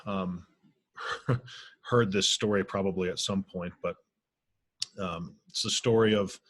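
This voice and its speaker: A man with a low voice leads an online healing circle as a spiritual teacher. He speaks gently and reflectively, often pausing on soft fillers over a video call. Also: steady tone, no room sound.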